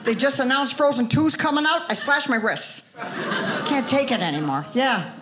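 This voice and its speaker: Older woman doing stand-up, lively pitch. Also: normal speed, crowd noise. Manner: chatty, teasing the audience. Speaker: stand-up comedian. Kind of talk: stand-up comedy set. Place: comedy club stage before a live audience.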